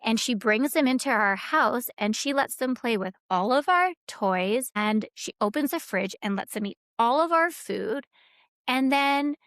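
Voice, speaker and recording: A woman's voice: high voice, fairly bright tone, dry recording, clean studio sound. A woman guest on a podcast, telling stories in a rambling, casual way, with many fillers and quoted dialogue. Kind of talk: casual conversational storytelling.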